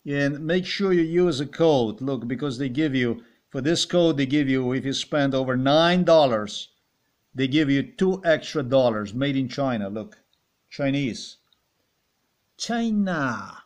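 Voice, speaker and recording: A man's voice: mid-range voice, a little slow, darkish tone. A man with a Slovenian accent rambling and ranting in a monologue, swearing and firing off repeated rhetorical questions. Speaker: vlogger.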